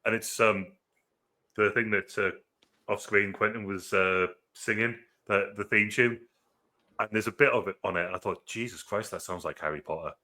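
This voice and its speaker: A British man with a low voice and a bright, forceful tone. He talks in an easygoing, chatty way and drops swear words casually, as a co-host of a film review show. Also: normal speed. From United Kingdom. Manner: laid-back, swears casually. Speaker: podcast co-host. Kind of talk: casual chat.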